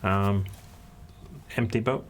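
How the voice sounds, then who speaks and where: A man's voice: on the low side, fairly even intonation, slow, a little hiss or hum. A man running a tabletop game as dungeon master, describing scenes hesitantly with many fillers.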